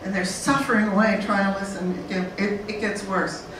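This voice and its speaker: A woman speaking on a conference panel in a lively, blunt way, acting out learners and babies. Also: mid-range voice, moderate pace. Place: conference room. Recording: very echoey room from far off, faint noise.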